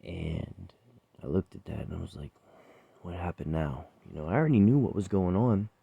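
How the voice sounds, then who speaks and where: Chef, male, very low voice, blunt swearing storyteller, rambling delivery, dry sound. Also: very animated, a little fast, creaky, slightly rough, no room sound, narrow, tinny audio. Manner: blunt, profane, rambling with laughs. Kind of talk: personal storytelling monologue.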